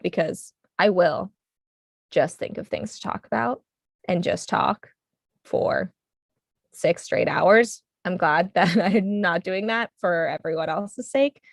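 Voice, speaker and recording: A young woman with a New England accent chats her way through a knitting livestream, rambling easily and filling the pauses with ums. Her voice sits low for a woman and carries a gravelly fry. The sound is dry and close, with no room in it. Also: no echo. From United States. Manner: chatty, rambling, frequent ums. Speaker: livestream host. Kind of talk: casual chat while knitting.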